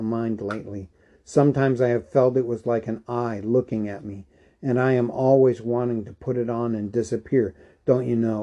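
A man voicing an excitable old hobbit. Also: medium pitch, highs cut off, close to an everyday voice. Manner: brisk, fretful, then gleeful. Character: elderly male hobbit, fussy and excitable. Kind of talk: audiobook character reading.

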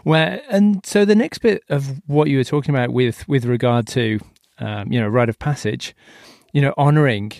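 A man's voice: mid-range voice, normal speed, creaky, darkish tone, no echo, studio quality. An Australian man hosting a podcast interview, telling stories in a loose, easygoing way with casual swearing. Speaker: podcast host.

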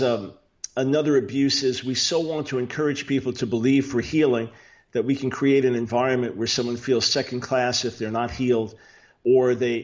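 A man's voice: mid-range voice, muffled recording. A man as an interview guest, an author explaining theology earnestly with frequent restarts. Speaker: guest, Bible teacher and author.

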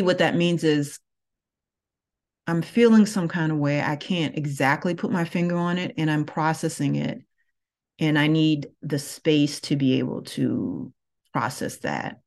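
A woman who teaches yoga, talking through her thoughts slowly and reflectively, with many pauses. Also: low voice, creaky, a little mellow. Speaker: yoga teacher and podcast host. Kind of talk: reflective solo podcast talk.

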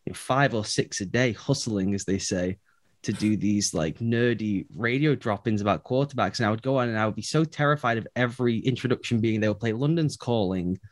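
A man's voice: on the low side, fairly quick, no echo. A man from England with a Liverpool accent, co-hosting a podcast in casual chat and laughing often. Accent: English, Liverpool. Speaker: podcast co-host.

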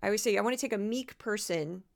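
A young woman with a New York accent hosting a solo political podcast, talking fast and loud. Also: medium pitch, vocal fry. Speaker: podcast host.

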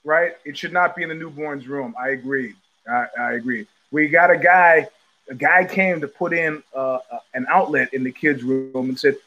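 A middle-aged man hosting his own live show from home, talking in loose digressions with frequent restarts, blunt profanity and quick laughs. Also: a little high, sharp tone, dull audio, slight background noise. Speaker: podcast host. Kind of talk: rambling live-stream monologue.

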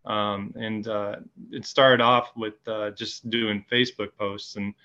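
A male interview guest with a bright, forceful voice that comes through a dull, lo-fi remote line. He speaks haltingly and stops often to restart his sentences. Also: lowish voice, little pitch movement. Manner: hesitant, many ums and restarts. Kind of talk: casual interview.

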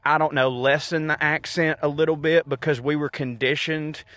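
A Southern US comedian and podcast host rants solo in a casual, rambling way, profane and self-mocking. His voice sits on the high side with little pitch movement, a moderate pace, and a fairly bright tone, with no room sound.

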